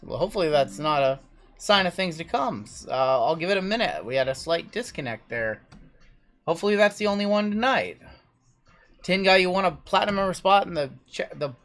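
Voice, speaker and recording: A man's voice: fairly high pitch, animated, normal speed, a bit bright. A man hosting a live card-break stream in a casual, chatty way. He rattles off long lists of names and teams and answers chat as he goes.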